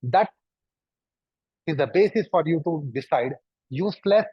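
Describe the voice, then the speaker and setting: A man with a slightly high, expressive, breathy voice guides a yoga class through poses at a measured pace. Again and again he presses the students with probing rhetorical questions. It's a dry recording with a dull, lo-fi quality.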